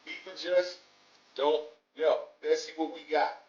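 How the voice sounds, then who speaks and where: A man's voice: fairly high pitch, little pitch movement, unhurried, a little mellow, lo-fi sound. A man hosting a reaction video, talking emphatically and profanely in casual commentary. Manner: emphatic, profane, laughs often. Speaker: reaction channel host. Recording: echoey room with music behind.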